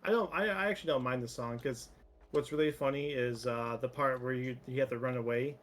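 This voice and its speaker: A male streamer in easygoing gaming chat, rambling and swearing casually. His voice sits at an ordinary middle pitch, with a faint hum of noise behind him. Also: fairly quick. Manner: relaxed, rambling, swears freely. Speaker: streamer playing a game with a friend.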